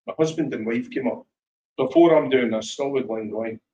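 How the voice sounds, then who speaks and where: Animated Scottish male storyteller, roomy. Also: medium pitch, moderate pace, distant mic, lo-fi sound. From Scotland. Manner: animated storyteller, acts out voices in anecdotes. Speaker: whisky guest speaker. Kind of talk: live storytelling chat at a tasting. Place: shop tasting room.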